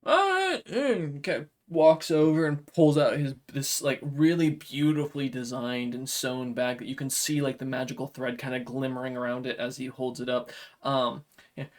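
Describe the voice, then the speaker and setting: A man's voice: mid-range voice, little pitch movement, normal speed, a little mellow. A man narrating as game master of a tabletop game, rambling with many fillers. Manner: rambling narration full of "like" and "kinda".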